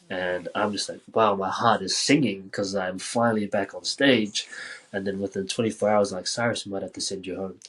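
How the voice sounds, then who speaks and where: The recording is rough, and the speaker's low-pitched voice is slightly rough too. He's a New Zealander guesting on a podcast, telling a casual story with many fillers and lively quoted lines.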